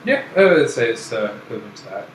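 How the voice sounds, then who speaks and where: A man from Canada co-hosts a loose chat and keeps breaking into laughter as he rambles, his thoughts tumbling out in restarts. His voice sits at an ordinary middle pitch, and it carries a roomy echo with faint noise underneath. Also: big pitch swings, quick pace. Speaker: podcast co-host. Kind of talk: casual chat.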